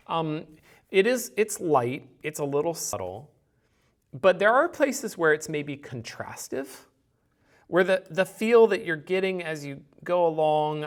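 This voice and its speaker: A man's voice: mid-range voice, fairly bright tone. Man patiently explaining Greek grammar. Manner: thinks aloud, explains patiently with examples. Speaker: Greek teacher. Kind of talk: recorded grammar lecture.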